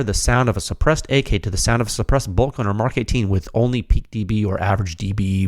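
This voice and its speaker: A man hosting a technical podcast, talking in an emphatic, animated way and often calling listeners dude. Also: on the low side, fast talker, hardly any pauses, no echo, studio quality. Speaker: podcast host. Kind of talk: excited technical podcast talk.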